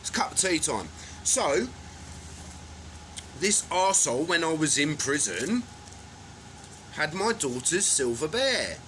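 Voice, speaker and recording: A man's voice: a little high, sing-song, slow pace, long pauses, fairly bright tone, a little hiss or hum, low-quality recording. A man in a rambling monologue, ranting angrily and swearing as he accuses people. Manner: angry, profane, accusatory ranting.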